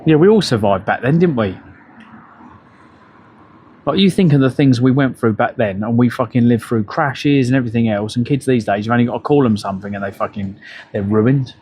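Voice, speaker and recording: A man's voice: mid-range voice, brisk, a little mellow, a little hiss or hum. Sweary middle-aged man. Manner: profane, rambling storyteller. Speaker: livestreamer. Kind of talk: casual live-stream chat. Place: outdoors on a bike ride.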